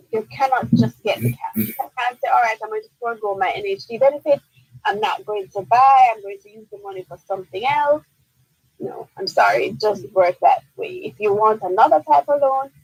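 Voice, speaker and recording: A woman's voice: medium pitch, gravelly, a little mellow, husky, dry recording, poor audio. A woman with a Jamaican accent, a lawyer answering listener questions on a radio call-in show, explaining firmly and repeating key points. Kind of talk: radio call-in legal advice. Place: radio studio.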